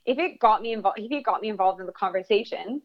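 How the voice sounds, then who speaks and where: A woman in her thirties telling a story in a casual interview, animated and swearing freely. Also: medium pitch, fast talker. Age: 30s. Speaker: guest storyteller. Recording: dull lo-fi sound.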